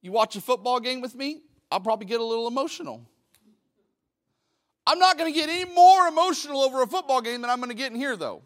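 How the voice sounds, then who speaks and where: A middle-aged male pastor preaching a Pentecostal sermon into a microphone in a church, talking conversationally and then swelling into loud, fervent bursts. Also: extremely high pitch, animated, quick pace, no echo, studio quality. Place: church sanctuary. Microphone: handheld microphone at the pulpit.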